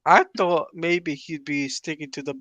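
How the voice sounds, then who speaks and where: This sleepy man is co-hosting a podcast and earnestly defending his view on continuity. His voice sits slightly high. It sounds dry and close, with no room sound. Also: steady tone, measured pace, fairly bright tone, no echo, lo-fi sound. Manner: earnest, insists on his points about continuity. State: sleepy, yawning early in the morning. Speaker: podcast co-host. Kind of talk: casual discussion of a comic-book film.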